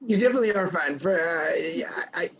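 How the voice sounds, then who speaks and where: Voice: medium pitch, animated, fairly quick, fairly bright tone, slightly rough, highs cut off. An interview host asking long, winding questions with friendly restarts. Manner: friendly, rambling questions with restarts, shifting pace. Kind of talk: casual interview chat.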